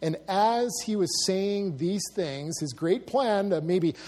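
Guy with a high voice walking through a bible passage, chatty and musing. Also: animated, slow pace, darkish tone. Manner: conversational, musing, with asides and acted-out quotes. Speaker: Bible teacher. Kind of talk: casual Bible teaching.

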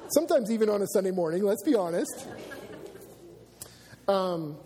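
A man's voice: sits high, expressive, normal speed, warm tone, in a large hall, a little hiss or hum. A man preaching a sermon as pastor, in a conversational way with asides to the congregation. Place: church sanctuary.

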